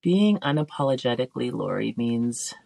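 A middle-aged woman, a teacher and filmmaker, talking as a podcast guest in an earnest, emotional way, pausing with frequent ums and restarts. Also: a bass voice, very animated, creaky, mellow, no room sound. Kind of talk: reflective heartfelt conversation.

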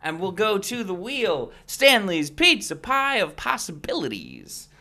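A man's voice: sits high, huge pitch swings, a little slow, bright, forceful tone. A man hosting a casual podcast, playfully announcing segments with some fillers. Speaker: podcast host.

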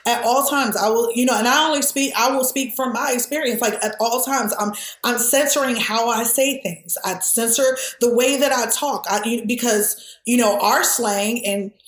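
A woman raised in the American South talks earnestly, her voice sitting fairly high. She tells stories in an animated way, stacking restarts and "like." The room around her rings with echo. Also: moderate pace, hardly any pauses. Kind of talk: candid conversational discussion.

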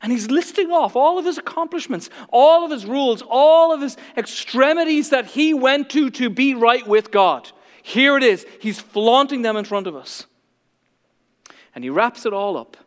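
High-voiced preacher guy, fiery and in your face, long echo like a big hall. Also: expressive, moderate pace. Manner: impassioned, confrontational preaching. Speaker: pastor. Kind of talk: sermon.

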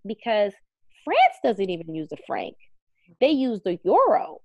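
A woman's voice: a little high, very animated, measured pace, darkish tone, no echo. Earnest chatty woman, dry and muffled. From United States. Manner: chatty, earnest, heavy use of "like". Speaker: magazine CEO and editor, guest. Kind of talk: casual podcast conversation. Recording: dull, slightly muffled audio.

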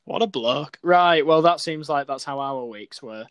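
A man co-hosting a comedy podcast. His voice sits a little high and he swears freely while teasing his co-host. The recording is dry and close. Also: unhurried, fairly bright tone, clean tone, no echo. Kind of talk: casual comedy podcast banter.

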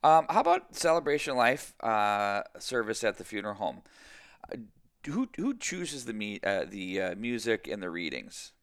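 A man hosting a podcast who speaks candidly and haltingly, restarting his sentences often. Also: on the low side, very animated, smooth. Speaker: podcast host. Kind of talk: podcast conversation.

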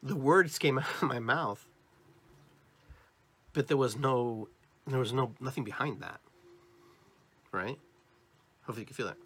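A man with an American accent hosting a podcast, giving an animated spiritual talk to his listeners. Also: mid-range voice, unhurried, pauses often, husky. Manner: animated, demonstrating inflections. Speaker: podcast host.

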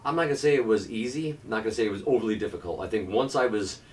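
A man's voice: on the low side, expressive, racing, recorded from a distance. A middle-aged man telling a candid, earnest personal story as a podcast guest, now and then swearing. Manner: candid, earnest, occasionally profane.

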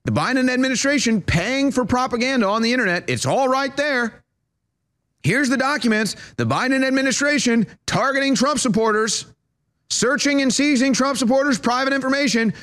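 A male talk show host with a very high voice launches into a heated political rant. He hammers his points with mocking repetition and sound effects. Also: a bit bright.

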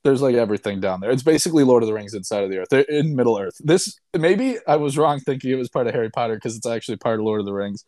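A man's voice: mid-range voice, expressive, racing, few pauses, mellow, no room sound, studio quality. A young man casually and sarcastically recapping a movie he disliked, rambling and swearing as a podcast co-host. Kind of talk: casual chat.

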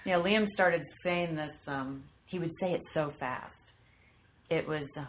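A woman in her thirties chatting casually on a podcast, telling lively stories and acting out what others said. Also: low-pitched, slow, a little hiss or hum. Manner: animated storyteller, acts out voices in quotes. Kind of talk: casual chat. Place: studio with microphones.

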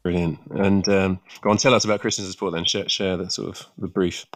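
A man's voice: deep voice, flat delivery, a little fast. A man hosting an interview, prompting his guest with short, encouraging lines. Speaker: podcast host.

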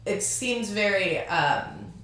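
A woman's voice: medium pitch, very animated, slow pace, fairly bright tone. A woman in her twenties co-hosting a podcast in casual chat, chatty, laughing often and trailing off mid-thought. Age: 20s. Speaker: podcast co-host. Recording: roomy, distant from the mic.

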